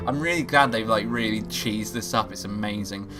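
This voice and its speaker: A man's voice: on the low side, steady tone, a little fast, hardly any pauses. A man playing a visual novel and reading it out, joking and swearing, with game music behind. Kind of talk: profane let's play commentary.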